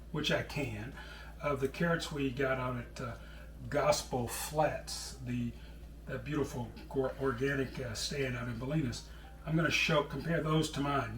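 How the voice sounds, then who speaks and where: A middle-aged man chats his way through a home cooking demonstration, folksy and relaxed. His voice sits in an ordinary middle range and is picked up from a little way off the mic in a roomy kitchen with some echo. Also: medium pitch, recorded from a distance, slight background noise. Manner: chatty, folksy, calls people brother. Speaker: cooking show host.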